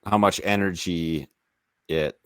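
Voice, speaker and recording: A man's voice: low voice, steady tone, slow, smooth, no echo, studio quality. A man co-hosting a casual podcast chat, talking in an offhand, wry way.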